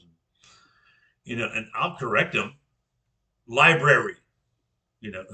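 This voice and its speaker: An older man with a strikingly bright, edgy tone, presenting class material in a relaxed, conversational way. He pronounces each word deliberately and often restarts a phrase mid-thought. His pitch sits in an ordinary middle range. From Georgia, US. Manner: deliberately articulated words, frequent restarts.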